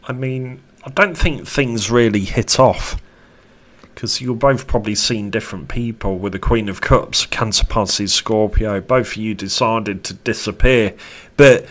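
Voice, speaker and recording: A man giving a casual tarot reading to camera, chatty and animated, with casual swearing. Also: fairly low pitch. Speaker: tarot reader.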